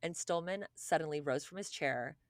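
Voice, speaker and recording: A young adult woman co-hosting a podcast, recounting a true story in casual chat, animated and profane, peppered with "like" and acting out quoted people. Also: deep voice, normal speed, no room sound, clean studio sound. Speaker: podcast co-host.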